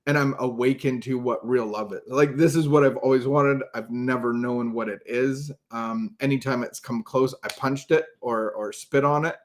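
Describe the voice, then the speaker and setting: Man, earnest co-host, halting speech, mid-pitched voice, casual recovery chat. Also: fairly even intonation. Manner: earnest, halting, many restarts. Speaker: podcast co-host.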